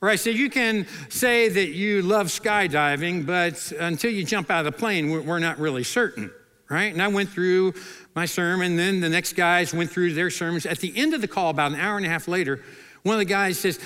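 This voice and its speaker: A man's voice: high voice, brisk, clean tone, big-room sound. A middle-aged man preaching a sermon, telling a story with humor and acting out the voices of people in it. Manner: animated, acts out quoted voices with humor. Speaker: pastor.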